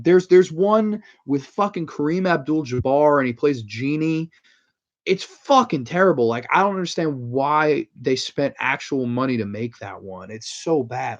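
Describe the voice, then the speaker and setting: A man's voice: mid-range voice, muffled recording. A man giving a blunt, profane, incredulous review in casual chat. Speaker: podcast host reviewing horror episodes.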